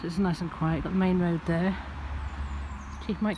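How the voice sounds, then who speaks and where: A woman vlogging a casual walk through a quiet churchyard outdoors. She coos to her cats in a high, sing-song voice. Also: fairly even intonation, moderate pace, slight background noise. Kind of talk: casual walking vlog.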